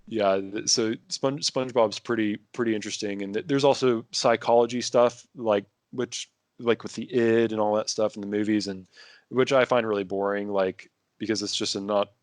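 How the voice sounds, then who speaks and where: A male podcast guest chats casually, wandering off on tangents and peppering his speech with fillers and restarts. His pitch is fairly low, and the recording is dry.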